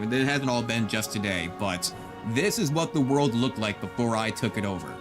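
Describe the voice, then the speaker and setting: A man's voice: on the low side, normal speed. Joking male gamer over game music. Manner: joking, mock-grandiose, laughs often. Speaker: gaming YouTuber. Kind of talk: casual gameplay commentary.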